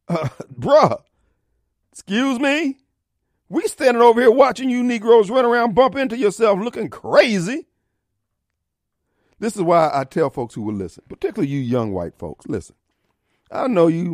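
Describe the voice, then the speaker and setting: Man, middle-aged radio host: high, lively pitch, combative mocking rants, dry studio sound. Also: no room sound. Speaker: radio talk show host. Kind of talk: opinionated talk radio monologue.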